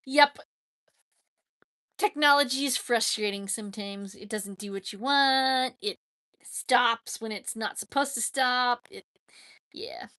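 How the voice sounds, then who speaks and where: A woman's voice: a little high, slow, long pauses, sharp tone. A woman hosting a casual live stream, chatting in a rambling way and laughing often. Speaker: livestream host.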